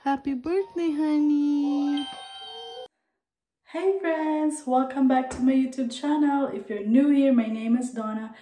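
A woman's voice: high voice, normal speed, few pauses, mellow. A woman from the Philippines with a Filipino accent and a Cebuano background, chatting casually in a home vlog and repeating words for emphasis. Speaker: family vlogger. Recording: echoey room with music behind.

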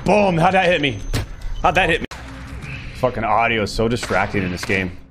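A man streaming a video game, ranting angrily with lots of swearing and shouting. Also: medium pitch, sing-song, moderate pace, music in the background. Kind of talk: live gameplay streaming.

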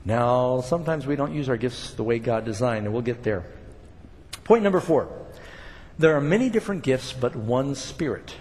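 A man's voice: mid-range voice, expressive, moderate pace, a little mellow, big-room sound. An older man preaching a sermon, talking casually to the congregation and building up emphatic points. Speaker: pastor.

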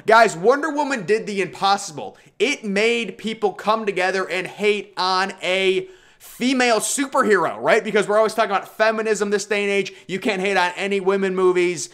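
A man with a slightly higher-pitched voice talks straight to camera in a loose, rambling way. He sounds exasperated, stumbling over restarts and dropping into mock quotes. His delivery is casual commentary rather than anything scripted. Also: fairly bright tone. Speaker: movie reviewer. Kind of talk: casual ranked-list commentary.

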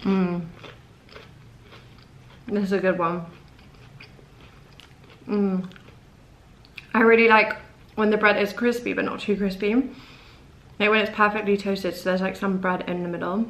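A woman's voice: medium pitch, steady tone, unhurried, long pauses, a bit bright. A young woman chatting casually to the camera at home for her fashion vlog, gushing and filling her sentences with "like". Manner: chatty, says "like" often, gushing. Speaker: fashion vlogger. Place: at home indoors.

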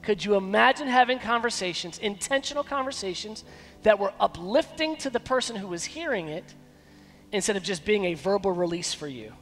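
A man preaching a sermon as pastor, emphatic, with dramatic pauses. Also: high-pitched, expressive, a bit bright, big-room sound, soft background music. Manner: acts out quoted dialogue in shifting voices. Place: church sanctuary.

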